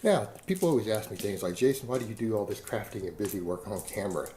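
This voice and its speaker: A man's voice: fairly low pitch, lively intonation, fast, warm tone, slight background noise, low-quality recording. A middle-aged man from Texas in a casual, rambling monologue to camera, defiant and full of rhetorical questions. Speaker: online video creator.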